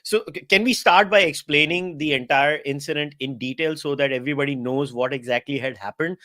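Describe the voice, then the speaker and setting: A man hosting a podcast, asking questions in a halting way with fillers and restarts. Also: on the high side, sharp tone, no room sound. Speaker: podcast host. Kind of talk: interview questions.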